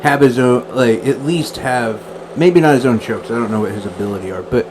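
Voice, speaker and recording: A man's voice: medium pitch, brisk, noisy background. A man co-hosting a casual radio show, rambling and laughing as he talks comedy. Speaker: radio host.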